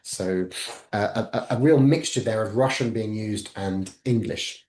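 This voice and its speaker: A man's voice: fairly low pitch, unhurried, a little mellow, roomy sound. A man giving an academic webinar talk, methodically walking listeners through slides. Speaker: webinar presenter.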